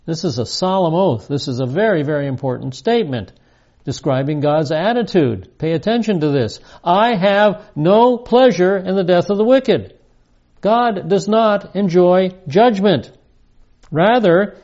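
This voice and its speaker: An older man in his seventies gives a verse-by-verse Bible teaching, leaning hard on the key phrases. His voice sits a little high for a man, and the recording is dull and lo-fi. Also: dark tone. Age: 70s. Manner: emphatic, stresses key phrases.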